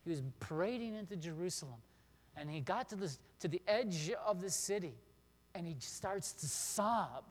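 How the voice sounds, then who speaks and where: A man's voice: sits high, lively intonation, normal speed. A man preaching a sermon as pastor, earnest and encouraging, often asking his listeners questions. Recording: long hall reverb.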